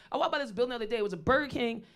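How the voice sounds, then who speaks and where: A woman's voice: a little high, rapid-fire, fairly bright tone. A woman in her thirties doing a stand-up comedy set, blunt, profane and conversational as she tells her stories. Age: 30s. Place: live stage venue.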